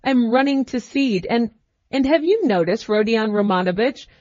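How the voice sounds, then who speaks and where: A woman's voice: fairly high pitch, lively intonation, moderate pace, darkish tone, dry recording, dull audio, close to an everyday voice. A woman voicing a crafty, fussy middle-aged male magistrate who talks in a cackling, ingratiating way. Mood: confiding.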